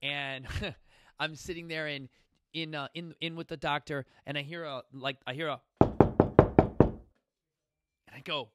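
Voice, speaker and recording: A man, hosting his own fitness talk show and telling a personal story in a direct, emphatic way that swings between loud bursts and quiet asides. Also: a little high, fairly even intonation, moderate pace. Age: 40s. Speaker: gym founder and podcast host. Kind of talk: motivational storytelling monologue. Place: coastal Southern California gym studio.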